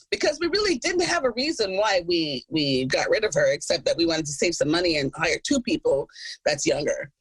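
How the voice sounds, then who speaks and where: A woman co-hosting a podcast in casual chat, telling her stories with animated energy, acting out the people she quotes and laughing often. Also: fairly low pitch, brisk, breathy edge, no room sound, low-quality recording. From Jamaica. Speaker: podcast co-host.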